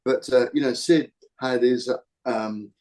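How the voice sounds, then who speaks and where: A man's voice: mid-range voice, flat delivery, moderate pace, a little mellow. Rambling British male podcast host. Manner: rambling, with frequent restarts. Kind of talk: casual chat.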